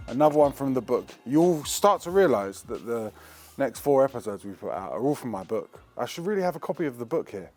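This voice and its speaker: A man's voice: mid-range voice, mellow. A man hosting a cooking show, talking in a slangy, chatty, joking way while he cooks in a kitchen. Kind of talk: casual cooking demonstration.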